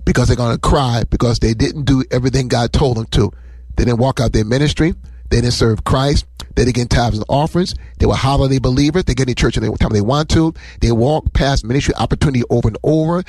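A man's voice: mid-range voice, breathy edge, no echo, poor audio. A man preaching a sermon on a livestream, retelling a Bible story and acting out its voices. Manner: animated, acts out scripture voices.

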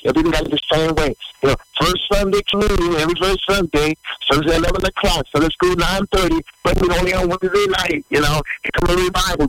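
A man's voice: high-pitched, low-quality recording. A middle-aged male pastor preaching a sermon, repeating and stressing his points with emphatic energy. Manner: animated, repetitive emphatic preaching. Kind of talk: livestreamed sermon with announcements.

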